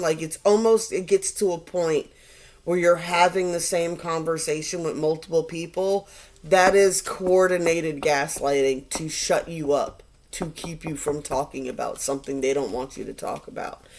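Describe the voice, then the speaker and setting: Rambling woman doing a tarot reading. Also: lowish voice. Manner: rambling, conversational, with restarts and "like". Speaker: tarot reader. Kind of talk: casual tarot reading video.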